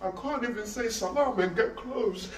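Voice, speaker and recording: A man's voice: very high voice, moderate pace, slight background noise. Intense man, echoey and distant. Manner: intense, repetitive, pleading, addresses listeners as Aki. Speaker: speaker recounting a friend's death. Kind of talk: emotional street talk. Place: outdoors on a street. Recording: echoey, distant, faint ambience.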